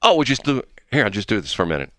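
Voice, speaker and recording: A man's voice: on the low side, big pitch swings, very fast, pushed and bright, no room sound, studio quality. A man hosting a radio show, joking and flustered in casual on-air banter.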